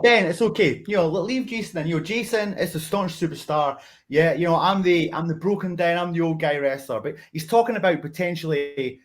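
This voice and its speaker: A man, a veteran wrestler near retirement, talking in a friendly, teasing, confident way over a video call. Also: a little high. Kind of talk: interview chat.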